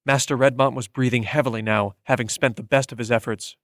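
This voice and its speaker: In a scripted audiobook narration, a male voice of middle pitch reads evenly and deliberately. The sound is close-miked and dry, free of echo and any room tone.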